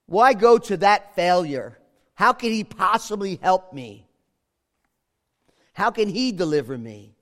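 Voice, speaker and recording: A man preaching a sermon as pastor, moving between hushed, quiet lines and loud, emphatic ones. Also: fairly high pitch, big pitch swings, moderate pace.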